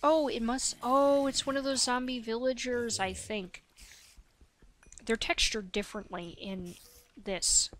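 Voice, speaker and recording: A woman's voice: on the high side, steady tone, a little slow, fairly bright tone. Woman in her late twenties, young-sounding voice, hyper nonstop chatter, game commentary, bit sniffly, faint background hiss. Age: 20s. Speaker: let's play host.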